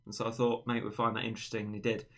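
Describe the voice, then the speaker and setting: Young man, livestream host, bright clear voice, chatty and rambling, playful teasing. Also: fairly low pitch, completely flat delivery, racing. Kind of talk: casual livestream chat.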